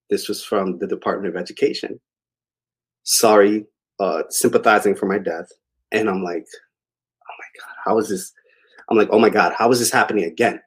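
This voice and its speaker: A man's voice: on the low side, slightly rough. A young adult man telling a long personal story in a casual, rambling way, with many fillers. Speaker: interview guest.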